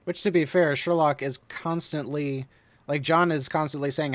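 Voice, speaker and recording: A man co-hosting a casual critical discussion, chatty and quick to laugh. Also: a little high, steady tone, no echo. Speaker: podcast co-host.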